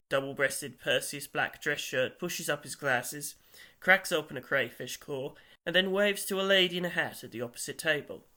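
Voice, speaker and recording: A man narrating an audiobook in a steady storytelling voice. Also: a little high. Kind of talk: scripted narration.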